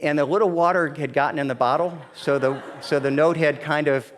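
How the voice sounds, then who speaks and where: A man's voice: fairly high pitch, fairly quick, big-room sound, a little hiss or hum. A man preaching a sermon as pastor, telling stories in a conversational way with many restarts and growing emphatic. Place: church sanctuary.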